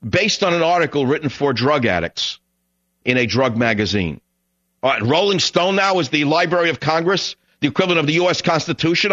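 A man's voice: fairly high pitch, fairly bright tone, no echo. Ranting male talk radio host. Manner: angry, ranting, rhetorical questions. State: voice strained. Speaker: radio talk show host taking calls. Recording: dull, dry broadcast audio.

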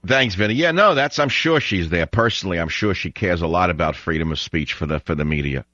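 His voice is low-pitched, expressive and bright, a little fast and forceful, as this man hosting a call-in radio show rants with blunt contempt. The monologue, captured by a studio broadcast mic, has a dull, dry radio quality.

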